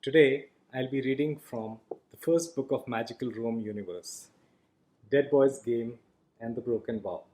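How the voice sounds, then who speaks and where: Mellow-voiced man reading a story. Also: medium pitch, unhurried, poor audio. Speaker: author reading his own book. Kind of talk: audiobook narration.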